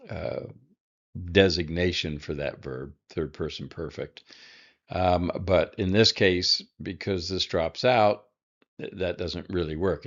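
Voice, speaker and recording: A man teaching a recorded language lesson, halting with many fillers and dropping in dry asides. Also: sits low, muffled recording. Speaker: Hebrew teacher.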